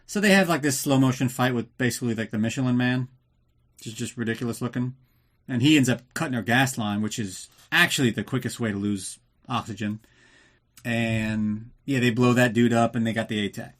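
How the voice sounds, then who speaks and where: A man's voice: mid-range voice, fairly even intonation, fairly quick. A man hosting a podcast, recapping a film in a casual, sarcastic way, swearing often and acting out the characters in jokey voices. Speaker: podcast host.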